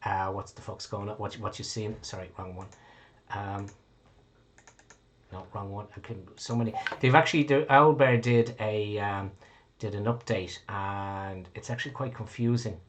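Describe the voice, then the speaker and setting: A man's voice: lowish voice, fairly even intonation, normal speed, slight background noise. A man running a tabletop game as game master, rambling and correcting himself with casual swearing.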